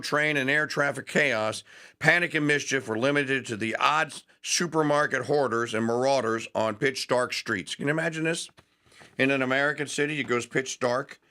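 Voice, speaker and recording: A man hosting a talk radio show, ranting and sarcastic. He shifts between fast bursts and slow, stressed phrases. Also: mid-range voice, pushed and bright, clean tone. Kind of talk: opinionated talk radio monologue.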